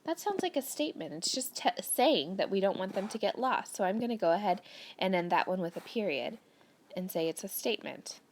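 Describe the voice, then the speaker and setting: A woman teacher speaks a little fast in an animated, medium-pitched voice, and the recording has a faint hiss or hum. She patiently leads young pupils through a grammar worksheet, reading sentences aloud and explaining each step, in this children's lesson.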